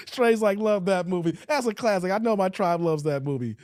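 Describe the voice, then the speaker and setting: This livestream host's voice sits high and sounds expressive and a bit dark, at normal speed, captured dry and studio-clean on a streaming mic. Relaxed and slangy, he reads out viewer comments in casual chat, frequently tacking "man" or "y'all" onto his lines.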